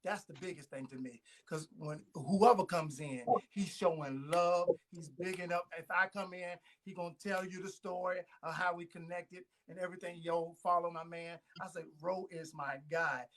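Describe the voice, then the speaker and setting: A man as a guest on a casual interview show, talking earnestly in relaxed slang as he thanks and praises people. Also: high voice, moderate pace, hardly any pauses, a little hiss or hum. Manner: earnest, warm shout-outs, relaxed slang.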